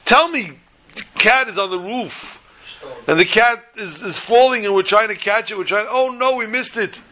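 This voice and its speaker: A man's voice: high-pitched, sing-song, slow pace, pushed and bright, voice pushed up, full character voice. A man playing a distraught grown man who pleads with his brother over the phone about his cat, in an exasperated voice. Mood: pleading.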